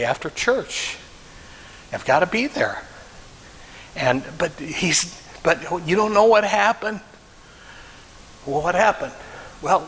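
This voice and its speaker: A man's voice: medium pitch, fairly bright tone, long reverb tail, a little hiss or hum, poor audio. A middle-aged man preaching a sermon, telling a personal story with emotion and acting out the voices he quotes. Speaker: pastor.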